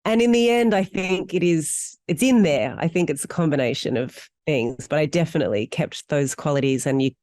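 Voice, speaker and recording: A middle-aged Australian woman, an actor, telling stories in an interview with animated, candid delivery. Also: moderate pace, hardly any pauses, dry recording, studio quality. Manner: animated, candid storytelling with wide pitch swings. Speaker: actor guest. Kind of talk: interview conversation.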